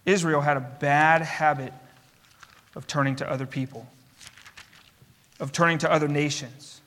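A bright, high-pitched man preaches in a church, emphatic and rhythmic, stacking repeated phrases. His voice carries a long hall reverb. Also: fairly even intonation, moderate pace. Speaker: pastor. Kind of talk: sermon.

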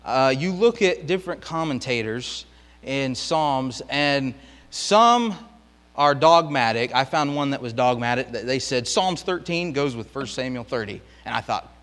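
A man teaching a Bible lesson in Sunday school, reading verses aloud and swelling into loud, impassioned pleading. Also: medium pitch, expressive, unhurried, in a large hall.

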